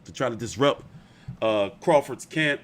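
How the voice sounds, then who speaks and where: A man's voice: medium pitch, animated, measured pace, a little hiss or hum. A man hosting casual boxing commentary, rambling and opinionated, often profane.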